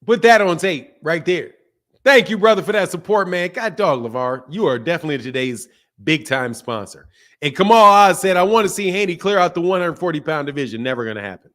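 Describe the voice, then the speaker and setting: High-voiced animated Philadelphia boxing host. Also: male voice, fairly quick. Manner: animated, playful, repeats phrases. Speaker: boxing channel host reading super chats. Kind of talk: casual livestream chat.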